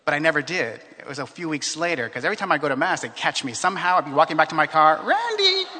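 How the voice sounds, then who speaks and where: A man from California telling his life story in a reflective, earnest way, with many fillers and pauses. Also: on the high side, pushed and bright, in a large hall. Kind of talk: personal storytelling.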